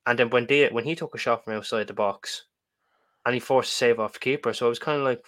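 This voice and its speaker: A man's voice: mid-range voice, fairly even intonation, fairly quick, a bit bright. A man co-hosting a football podcast, chatting casually with stammered starts. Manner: chatty, stammering starts, acts out fan reactions. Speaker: podcast co-host.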